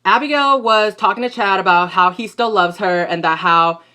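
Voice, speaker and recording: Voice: medium pitch, moderate pace, bright, forceful tone, clean tone. A young adult recapping a soap opera episode in a casual vlog, talking in a gossipy, slangy and profane way. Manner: gossipy, profane and slangy, talks back at the characters.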